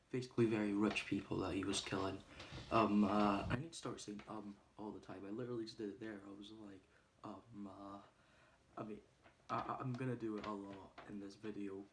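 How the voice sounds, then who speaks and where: A man's voice: fairly low pitch, a little hiss or hum. A man casually recapping a film's plot, rambling with lots of ums and uhs. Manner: acts out quoted lines loudly. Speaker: movie reviewer. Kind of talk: casual spoiler review.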